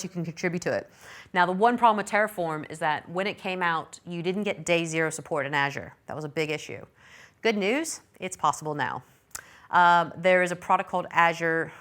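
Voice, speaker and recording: A lower-voiced middle-aged woman presents a technical session at a conference. Her delivery is chatty and informal. She drops in self-deprecating, apologetic asides as she goes. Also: a bit bright. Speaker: conference speaker.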